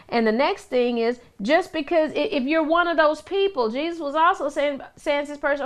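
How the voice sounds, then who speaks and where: Woman, high voice, minister, conversational Bible teaching, rhetorical questions. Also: normal speed, few pauses. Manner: talks to listeners with rhetorical questions and restarts.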